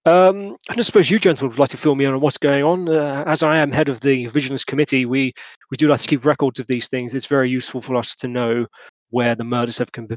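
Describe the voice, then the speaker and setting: A man's voice: medium pitch, steady tone, quick pace, dry recording, lo-fi sound, close to an everyday voice. A man voicing a pompous male committee head, speaking in a genteel, fussy way in a dry, close-sounding recording. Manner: pompous, genteel Victorian gentleman.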